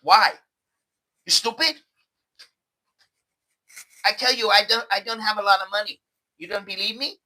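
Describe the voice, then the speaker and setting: A man's voice: high-pitched, steady tone, normal speed, long pauses, sharp tone, pitched above the performer's own voice. A man imitating a blunt young woman who speaks broken English and demands money. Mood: scolding. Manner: blunt, scolding.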